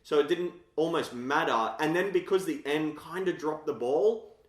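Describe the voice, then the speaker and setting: Guy breaking down a movie ending, calm analytical podcast talk, echoey room. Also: on the high side, normal speed. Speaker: podcast co-host. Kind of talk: casual film discussion. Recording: roomy echo.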